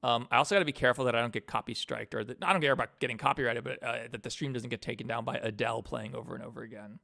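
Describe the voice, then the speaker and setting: A man's voice: mid-range voice, rapid-fire, gravelly, sharp tone, dry recording, studio quality. Laid-back man chatting on a stream. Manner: laid-back, swears casually, laughs often. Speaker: animator and channel host. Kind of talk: casual stream chat.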